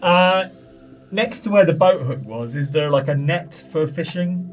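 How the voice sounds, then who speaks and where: A man's voice: on the high side, expressive, measured pace, soft background music. A man playing a tabletop role-playing game, joking and reacting playfully. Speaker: player. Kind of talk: casual tabletop play.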